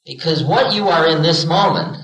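A man's voice: fairly high pitch, normal speed, fairly bright tone, echoey room, poor audio. A man giving a spiritual lecture to an audience, telling it as a story and acting out the voices he quotes, with humor. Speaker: spiritual teacher.

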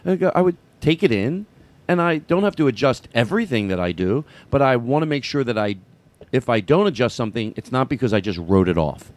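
A male comedian spinning stories in a loose podcast chat. His pitch swings widely as he gets into a tale, and he stumbles, restarts and piles on fillers as he goes. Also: a little fast. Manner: animated storytelling, many fillers and restarts.

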